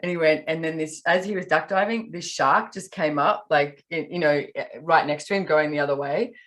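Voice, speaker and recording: Low-voiced Australian woman telling stories. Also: a little fast. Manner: animated storyteller, acts out quotes. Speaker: podcast guest. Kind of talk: casual podcast conversation.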